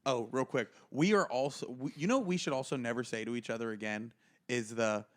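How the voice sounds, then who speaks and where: A man's voice: medium pitch, fairly quick. A man co-hosting a podcast, telling stories in casual chat and acting out what others said. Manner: animated storyteller, acts out quotes with laughs. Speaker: podcast co-host.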